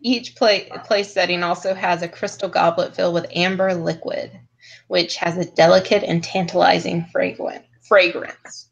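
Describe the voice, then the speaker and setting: A woman narrating a tabletop game as game master, describing scenes in unhurried detail. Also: fairly low pitch, little pitch movement, gravelly, dull audio.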